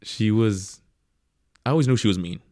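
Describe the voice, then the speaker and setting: A young man, a professional goalkeeper, telling stories in a casual interview, reflective and lively when he acts out what others said. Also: on the low side, normal speed, no room sound, studio quality.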